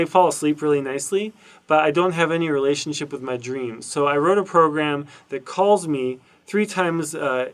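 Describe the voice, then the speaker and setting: A middle-aged man giving a casual recorded university lecture over a screen recording, thinking aloud with frequent fillers and restarts. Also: fairly high pitch. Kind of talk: casual recorded lecture walking through documentation.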